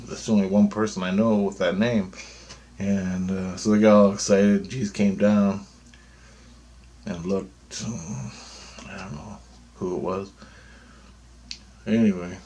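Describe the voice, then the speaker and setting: Man with a lowish voice, casual vlog monologue, profane and meandering. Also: fairly even intonation, a little slow, long pauses, darkish tone, slight background noise. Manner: loose, profane, meandering storytelling. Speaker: vlogger.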